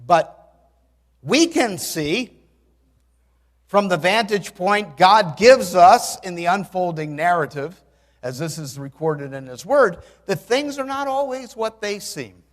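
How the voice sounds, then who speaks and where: A man in his sixties preaching a sermon in a church, telling stories in an animated way with dry humor and bursts of loud exclamation. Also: high voice, slow, long reverb tail. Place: church sanctuary.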